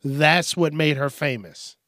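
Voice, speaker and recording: A man's voice: a little high, slow pace, a bit bright. A man hosting a news commentary show, ranting in a profane, sarcastic, exasperated way while drinking beer. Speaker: host.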